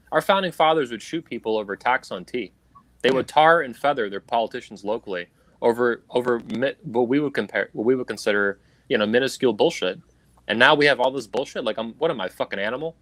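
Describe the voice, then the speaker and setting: Heated and cursing, a man hosting a livestream delivers an angry, emphatic political rant through a video call stream. His mid-range voice has a fairly bright tone, with no echo in the audio.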